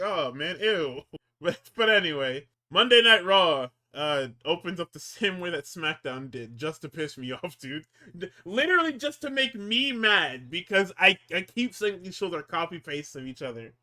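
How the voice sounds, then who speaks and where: A man's voice: fairly high pitch, bright, forceful tone. A man co-hosting a podcast, chatting casually as he recaps shows, rambling, cursing constantly and tripping over his words. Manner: rambling, swears constantly, stumbles and restarts. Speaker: podcast co-host recapping wrestling. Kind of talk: casual profane recap chat.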